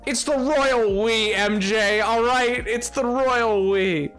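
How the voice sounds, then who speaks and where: A live streamer playing a game, joking with chat in a loose, excitable way, jumping from loud outbursts to low mutters. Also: takes it slowly, soft background music. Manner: excitable, bantering with chat, jumping between yelling and mumbling. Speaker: livestreamer playing a video game. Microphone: desk mic.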